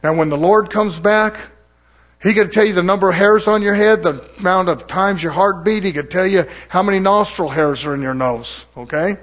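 A man's voice: high voice, normal speed, a bit bright. A middle-aged man preaching a sermon, fiery and mocking, calling out to the congregation.

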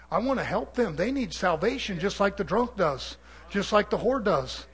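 A man preaching a fiery sermon to a church, alternating forceful loud passages with quieter asides. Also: animated, normal speed, husky. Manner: forceful preaching, swinging between loud peaks and low asides. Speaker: pastor.

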